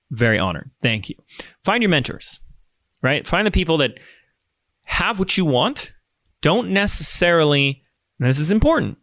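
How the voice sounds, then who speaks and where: A man's voice: medium pitch, fairly bright tone, dry recording. Upbeat man hosting a motivational podcast. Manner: enthusiastic, rambling, self-deprecating asides. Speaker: podcast host.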